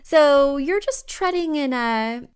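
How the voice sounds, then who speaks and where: A woman's voice: sits high, expressive, takes it slowly. A woman hosting a podcast from home, giving chatty, emphatic design advice.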